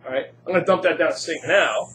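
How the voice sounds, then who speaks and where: A man's voice: on the high side, quick pace, fairly bright tone, slight background noise. A man teaching a chemistry class, quizzing students and joking in asides. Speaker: high school chemistry teacher. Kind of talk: classroom lecture.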